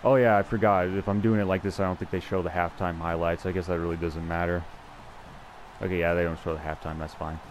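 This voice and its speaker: A young man with a fairly low voice talks through his football video game as he plays. He is chatty and self-deprecating, thinks aloud and restarts his sentences, and a faint hum sits under his voice. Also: flat delivery, fast talker. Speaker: gameplay commentator. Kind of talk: casual live gameplay commentary.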